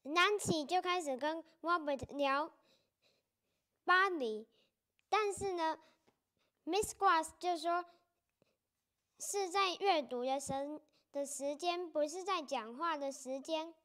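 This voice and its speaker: High, slow-reading woman teacher. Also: fairly bright tone. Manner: slow and deliberate, repeating sentences for learners. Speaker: storybook reader and English teacher. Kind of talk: reading a picture book aloud with explanations.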